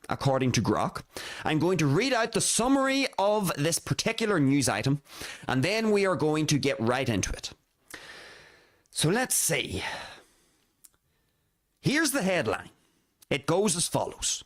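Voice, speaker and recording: Lively solo podcast host reading news. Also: mid-range voice. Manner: reads a news summary aloud, then comments with exclamations; laughs between serious remarks.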